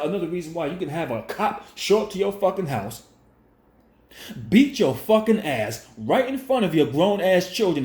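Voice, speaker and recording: Man vlogger, raised-pitch confrontational rant, echoey room sound. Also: darkish tone. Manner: confrontational, preachy, repetitive. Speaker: commentary vlogger. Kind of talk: ranting monologue commentary.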